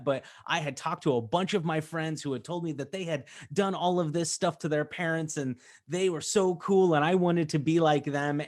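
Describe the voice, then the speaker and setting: A man in his thirties from the United States, hosting a casual training webinar in a chatty, upbeat way with fillers and asides. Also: fairly high pitch. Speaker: host.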